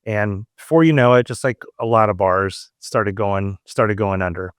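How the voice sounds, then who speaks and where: A man from Southern California hosting a podcast, telling a story in a casual, animated way and acting out quoted lines. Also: on the low side, moderate pace, clear, resonant tone, no room sound, clean studio sound. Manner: animated, acts out quoted dialogue. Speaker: podcast host.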